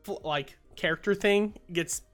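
A man hosting a relaxed podcast chat, retelling a sitcom episode with plenty of energy. His voice sits at an ordinary pitch and keeps slipping into quick acted-out quotes. Faint music plays behind him. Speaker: podcast host.

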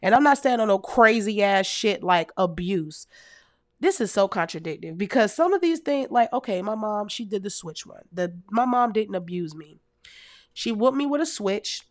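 A woman in her thirties telling comic stories to her audience in a casual, animated, heavily profane way, laughing often as a podcast host. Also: mid-range voice, moderate pace, no room sound, studio quality. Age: 30s. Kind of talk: casual comedic storytelling.

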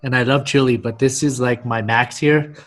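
A man hosting a casual video call chat, chatty and quick to laugh. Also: mid-range voice, steady tone, fairly bright tone, faint music behind. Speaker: host.

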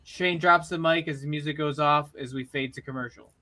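Guy narrating a wrestling show, high bright voice, laughs a lot, lots of uhs. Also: fairly quick. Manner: energetic, laughs often, many fillers. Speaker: storyteller running a wrestling role-play.

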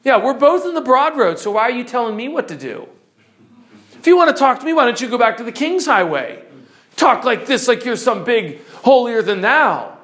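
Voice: medium pitch, sing-song, moderate pace, fairly bright tone, pitched above the performer's own voice. A preacher voicing a scornful woman traveler who talks back sarcastically. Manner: sarcastic, dismissive.

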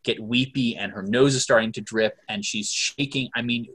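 A man hosting a podcast in casual conversation, talking in halting bursts and laughing often. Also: mid-range voice, steady tone, fairly bright tone, slightly rough. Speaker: podcast host. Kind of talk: casual chat.

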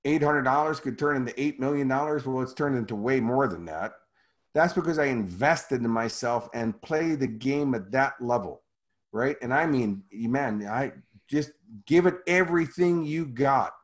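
Male guest, punchy motivational storyteller, mid-pitched voice. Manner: emphatic and motivational. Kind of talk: conversational storytelling.

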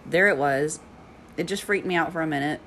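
On her solo podcast recorded at home, a yoga and meditation teacher speaks in a low, fairly bright voice, a little fast, rambling through stories and laughing frequently. There's a little hiss or hum, and a heater rattles nearby.

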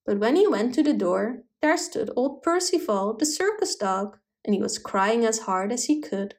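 A woman reading a children's bedtime story aloud, gentle and expressive. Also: on the high side, normal speed.

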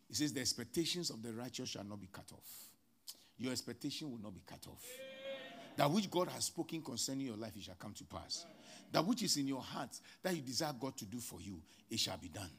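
A man preaching a sermon as pastor, with sudden loud rises and soft drops. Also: mid-range voice, breathy edge.

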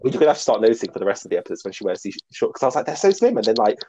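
A man's voice: on the low side, very fast, muffled recording, noisy background. A man co-hosting a casual podcast chat, gossiping about a reality show and acting out quotes. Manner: chatty, gossipy, acts out quotes. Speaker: podcast co-host.

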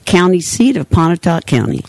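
A woman's voice: fairly low pitch, dry recording. An older woman from Oklahoma, chatting as a guest at home and laughing often. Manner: chatty, lively, quick to laugh. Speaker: guest, host's mother. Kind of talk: casual chat. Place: home in Seattle.

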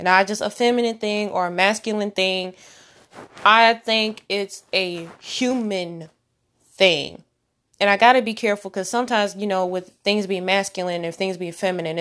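A woman hosting a faith-based podcast, talking earnestly in a preachy, rambling way with many restarts. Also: mid-range voice. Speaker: podcast host.

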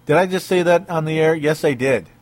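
A man's voice: a little high, normal speed. A man hosting a casual sports talk show, chatting, chuckling and reading listener comments aloud.

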